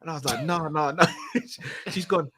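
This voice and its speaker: A man co-hosting a fan show, telling stories in an animated, expressive way and laughing often. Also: a little high, normal speed, breathy edge. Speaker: co-host. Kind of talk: casual chat.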